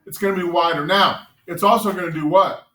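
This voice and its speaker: A man teaching a math class, joking with students and quizzing them with quick questions. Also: sits high, steady tone, pushed and bright.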